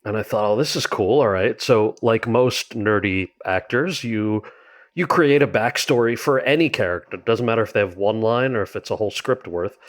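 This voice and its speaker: A man's voice: lowish voice, moderate pace. A man talking as a guest about his memoir in an interview, telling candid, wry stories in a conversational way. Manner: animated, candid, wry storyteller. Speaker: guest author.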